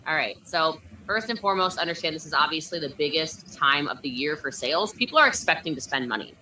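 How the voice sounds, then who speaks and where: A woman coaching network marketers over a video call, talking with high energy and emphatic conviction. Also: lively intonation, quick pace, bright, forceful tone, far from the mic, a little hiss or hum, low-quality recording. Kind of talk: motivational coaching talk.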